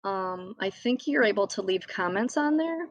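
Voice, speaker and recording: A woman hosts her own podcast alone, talking casually at a mid pitch. She rambles in a chatty way, corrects herself and laughs now and then. The sound is dry and close, with no room echo. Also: animated, moderate pace, muffled recording. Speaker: podcast host. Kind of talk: casual solo podcast talk.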